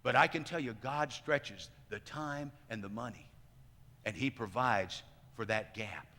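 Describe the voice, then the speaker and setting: A male pastor in his fifties preaching a sermon, swinging between loud emphatic lines and hushed quiet ones. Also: mid-range voice, measured pace, long reverb tail. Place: church sanctuary.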